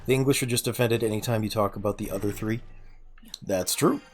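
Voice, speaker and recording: A man's voice: steady tone, brisk, a little hiss or hum. A man casually chatting with his chat during a gameplay livestream, joking and muttering to himself while he plays. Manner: drops to low muttering when focused on the game. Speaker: streamer.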